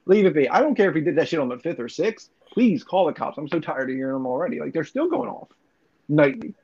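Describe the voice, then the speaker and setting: A man's voice: a little high, big pitch swings, fast, darkish tone, husky. A young man telling profane, rambling stories in casual podcast chat. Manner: rambling, profane storytelling with laughs. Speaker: podcast co-host. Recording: dull lo-fi recording.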